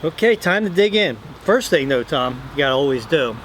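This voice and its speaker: A man hosting a casual cooking show outdoors, walking through a recipe step by step in a relaxed way. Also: fairly high pitch, fairly quick, reverberant, slight background noise. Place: outdoors, windy.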